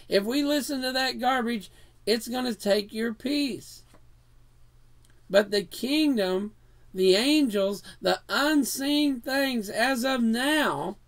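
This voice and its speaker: A man's voice: very high-pitched, slow pace, fairly bright tone. A man preaching an earnest sermon in a house of worship, reading scripture verses aloud.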